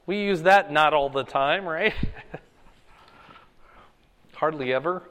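A man's voice: fairly high pitch, takes it slowly, long pauses, fairly bright tone. A man teaching a Bible lesson as a pastor, emphatic and often checking in with "okay?" and "right?". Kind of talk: sermon-style Bible teaching. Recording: echoey hall with long reverb.

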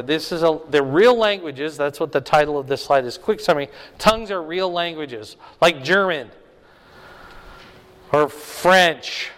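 A man with a fairly high, smooth voice leads a Bible lesson in easy conversational style. He keeps checking in with his listeners, asking "right?" as he goes. The sound rings with the long reverb of a big hall. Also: a bit bright. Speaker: Bible teacher.

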